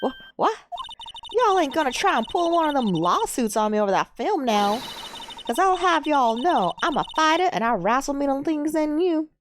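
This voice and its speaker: A woman's voice: high-pitched, sing-song, normal speed, slight background noise, voice pushed up. A woman voicing a brash young country photographer with a put-on American Southern drawl, folksy and teasing.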